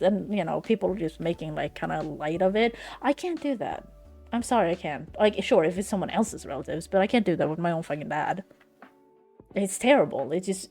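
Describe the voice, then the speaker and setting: A woman's voice: lowish voice, a little mellow. A young woman from Sweden, streaming and chatting casually in a frank, swearing, run-on way. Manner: frank, swearing, venting in loose run-on sentences. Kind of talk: casual chat. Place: home streaming setup.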